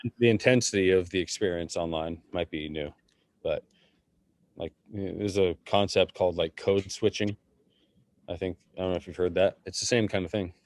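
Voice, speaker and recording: A man co-hosting a podcast, talking in a halting, reflective way with frequent fillers. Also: sits low, darkish tone. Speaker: podcast co-host. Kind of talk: casual chat.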